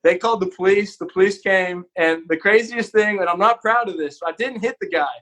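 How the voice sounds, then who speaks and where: A man's voice: high-pitched, brisk, fairly bright tone. A man from Texas, a podcast guest, telling an earnest, candid story in a casual, conversational way.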